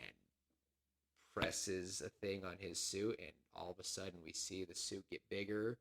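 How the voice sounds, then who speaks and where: A man co-hosting a podcast, rambling and excitable as he acts out scenes in casual chat. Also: sits low, measured pace, creaky. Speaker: podcast co-host.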